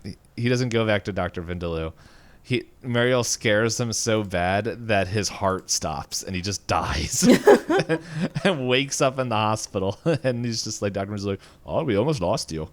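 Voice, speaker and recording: Podcast co-host, male, low and smooth voice, rambling casual recap full of fillers and chuckles. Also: expressive, unhurried.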